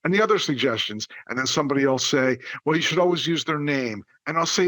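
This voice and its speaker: A male dental coach hosting a podcast, talking in an energetic, playful way and acting out the lines he quotes. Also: fairly high pitch, quick pace, no echo. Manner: animated, exaggerated, playful delivery with acted-out quotes.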